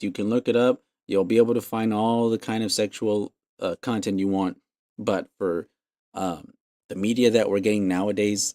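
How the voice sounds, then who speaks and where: A man's voice: lowish voice, a little mellow, no echo. A man hosting a podcast, ranting casually with lots of swearing and exasperated laughs. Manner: profane, exasperated, laughs mid-sentence. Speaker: podcast host.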